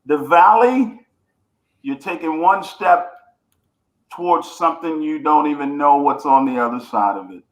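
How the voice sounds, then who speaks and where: A man's voice: fairly high pitch, expressive, measured pace, echoey room, poor audio. A man speaking as a guest coach, telling his story earnestly and building his points through repetition. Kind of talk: reflective storytelling.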